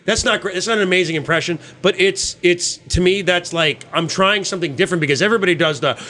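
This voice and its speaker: A man with a high, lively voice hosts a casual podcast chat. He talks in an animated, profane way and keeps slipping into quick impressions between his points. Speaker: podcast host.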